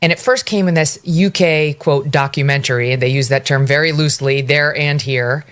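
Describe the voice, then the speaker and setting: A woman interviewer with a very low voice speaks earnestly and at length, circling back and restarting her thoughts as she frames a question. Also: normal speed. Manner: earnest, long-winded, restarts. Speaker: interview host.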